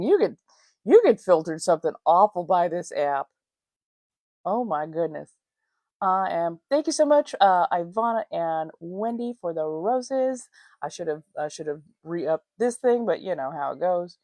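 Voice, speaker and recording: A woman's voice: on the low side, animated, measured pace, dry recording, studio quality. Chatty woman hosting a livestream. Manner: chatty, laughs often, greets viewers warmly as darlings. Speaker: livestream host. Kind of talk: casual livestream chat.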